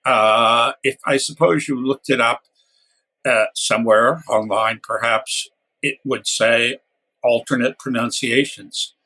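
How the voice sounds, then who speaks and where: An older man, a guest author, talking casually with frequent pauses and wry humor. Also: mid-range voice, steady tone, pushed and bright. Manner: hesitant, many uhs and restarts, wry humor. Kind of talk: casual podcast interview.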